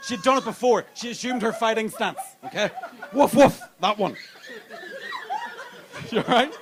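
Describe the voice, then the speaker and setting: A man's voice: sits high, moderate pace, pauses often. A male stand-up comedian telling crude stories on a comedy club stage into a handheld mic. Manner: brash, crude storytelling. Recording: live club with audience noise.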